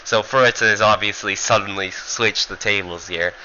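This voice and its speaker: Bright-voiced man rambling through a review. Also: lowish voice, steady tone, normal speed, lo-fi sound, a little hiss or hum. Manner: rambling with fillers and swearing. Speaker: manga reviewer. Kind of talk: casual spoken review.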